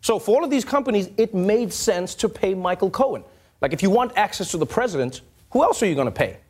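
A man's voice: high-pitched, expressive, fast, a little mellow, husky. A man hosting a late-night comedy show, delivering a satirical monologue in a wry, punchline-driven way. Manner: wry, punchline-driven, laughs between jokes.

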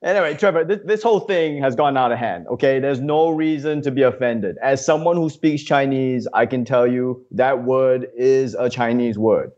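A man's voice: mid-range voice, normal speed, few pauses, darkish tone, highs cut off. A man playing a comedy news correspondent, ranting indignantly and filling his speech with lots of uh's. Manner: indignant, ranting, heavy with uh fillers. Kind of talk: scripted comedic banter.

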